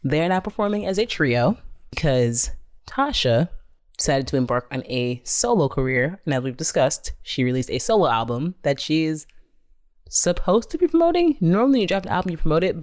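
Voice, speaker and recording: Low-voiced, animated podcast woman. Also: moderate pace. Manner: animated storytelling, acts out quotes. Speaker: music correspondent. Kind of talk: casual podcast chat. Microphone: studio microphone.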